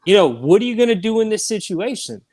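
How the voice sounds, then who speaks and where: Male sports co-host, slightly high-pitched, emphatic and repetitive. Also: sing-song, fast, a little mellow. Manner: emphatic, repeats points for stress. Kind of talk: casual sports debate.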